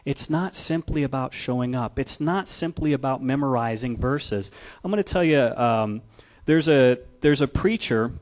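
A man's voice: medium pitch, moderate pace. A man preaching a sermon in a conversational way, asking the congregation questions. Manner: conversational, builds from quiet to loud. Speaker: pastor.

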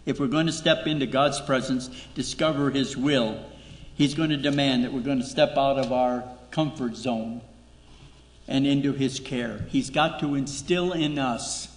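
A man's voice: medium pitch, measured pace. A man preaching a sermon as pastor, emphatic, repeating key words and asking rhetorical questions. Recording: echoey hall reverb.

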